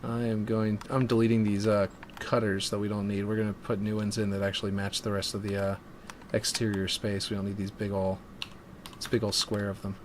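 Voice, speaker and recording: A man's voice: fairly low pitch, flat delivery, fairly quick, slight background noise. A man streaming while building a game map, chatting casually and thinking aloud as he trails off. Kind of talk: casual chat while working.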